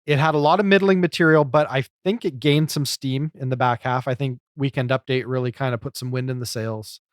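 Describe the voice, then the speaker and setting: A man's voice: medium pitch, steady tone, brisk, no echo. Chatty man reviewing comedy, dry sound. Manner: talkative, analytical, many fillers. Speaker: podcast co-host. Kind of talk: casual chat reviewing a comedy show.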